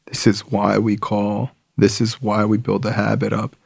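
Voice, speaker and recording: A man's voice: lowish voice, completely flat delivery, normal speed, creaky, a little mellow, slightly rough, no echo, studio quality. A man casually telling his recovery story, slangy and profane, full of "like" and "bro".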